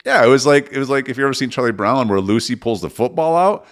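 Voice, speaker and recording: A man's voice: medium pitch, expressive, fast. A middle-aged man co-hosting a podcast, telling a funny family story in casual chat, laughing often as he talks. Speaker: podcast co-host.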